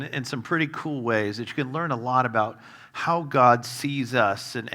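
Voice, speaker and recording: A man preaching a sermon as a guest speaker, conversational and humorous, with fillers and wry asides. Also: medium pitch. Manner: humorous storytelling, self-deprecating asides; conversational with fillers, varied loudness.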